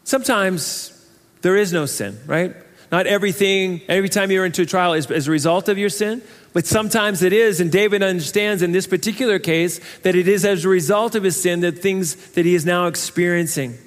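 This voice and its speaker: Man, pastor, high-pitched, earnest conversational sermon, rhetorical questions, long church reverb. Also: fairly quick. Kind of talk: expository sermon.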